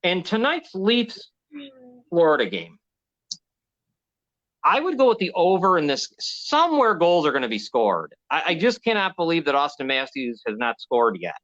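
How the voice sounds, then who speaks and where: A man's voice: on the high side, wildly swooping pitch, normal speed, fairly bright tone. A man hosting a casual sports show, rambling and hesitant, often restarting his sentences. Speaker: host. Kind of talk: casual sports betting chat. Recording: dull lo-fi sound.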